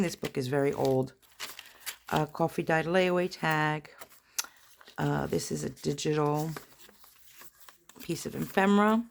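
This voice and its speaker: Chatty woman with a low, gravelly voice. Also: a little hiss or hum. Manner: chatty, rambling, self-deprecating asides. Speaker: junk journal crafter. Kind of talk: casual flip-through narration. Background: paper rustling and crinkling.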